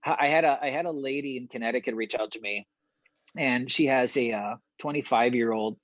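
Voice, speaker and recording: A middle-aged man, a guest in a casual podcast interview, telling stories with energy, often repeating words and laughing quickly. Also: medium pitch, no room sound, highs cut off. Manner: animated storyteller, repeats himself, quick laughs.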